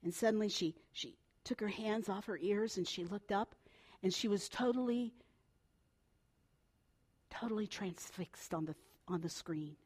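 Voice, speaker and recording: An older woman preaching a sermon, telling a family story with swings between hushed and loud delivery. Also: medium pitch, unhurried, pauses often, slightly rough.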